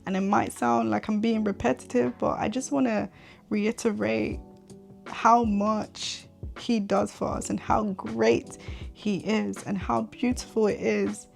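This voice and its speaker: A woman's voice: medium pitch, steady tone, a little slow, gravelly, soft background music. A young woman in her twenties hosting a faith podcast, speaking earnestly and candidly and often repeating herself for emphasis. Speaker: podcast host.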